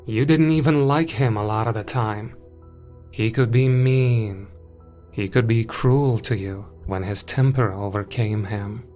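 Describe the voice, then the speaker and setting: A man voicing a slow, menacing winged creature. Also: fairly low pitch, darkish tone, natural voice. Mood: probing. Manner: slow, taunting delivery. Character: menacing winged male creature, cruel, contemptuous. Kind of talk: horror story narration. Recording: music in the background.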